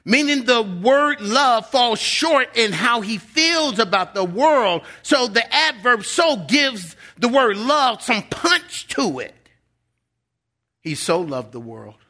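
Bright-voiced, emphatic male preacher. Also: extremely high pitch, lively intonation, takes it slowly, few pauses. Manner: earnest and emphatic, dropping to a soft voice for quotes; repeats words when building up a point. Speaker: guest pastor. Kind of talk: sermon.

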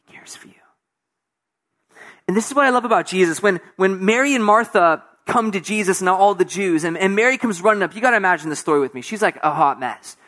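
A male pastor with a high voice preaches expressively. He shifts from quiet, intimate moments to raised emphasis and drops in casual, conversational asides. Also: fast talker, few pauses. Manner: expressive, swings from soft hushed passages to raised emphatic preaching; conversational asides, acts out voices of people in the story. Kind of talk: sermon.

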